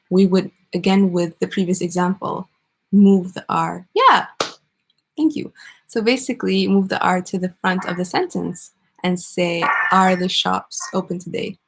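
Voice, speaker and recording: A woman teaching an online English grammar lesson, explaining step by step and pausing for student answers. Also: lowish voice, vocal fry, slight background noise.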